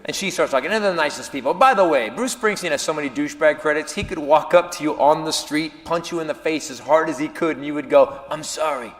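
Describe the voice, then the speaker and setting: A man telling a self-mocking story as a stand-up comedian, animated and jumping into acted quotes. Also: a little high, fast, few pauses. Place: comedy venue with live audience. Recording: live room with reverb and audience noise.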